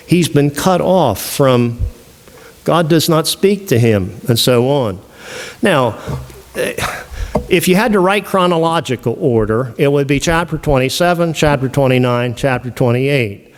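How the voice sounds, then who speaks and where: A man giving a seminary lecture on the Bible, animated and full of rhetorical questions. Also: on the high side, unhurried. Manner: animated, asks rhetorical questions, acts out quoted voices.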